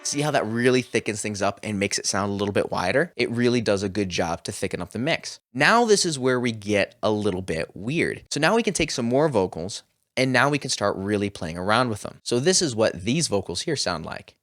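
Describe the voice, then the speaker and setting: A man with a slightly low voice walks through a home recording tutorial. He explains each step plainly, in an upbeat, encouraging way. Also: sing-song, brisk, fairly bright tone, no room sound, clean studio sound. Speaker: music production tutor.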